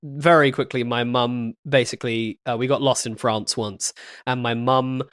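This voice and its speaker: A man's voice: mid-range voice, steady tone, normal speed, fairly bright tone, no room sound, studio quality. A man co-hosting a casual chat, wry and full of hesitant restarts. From England. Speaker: podcast co-host.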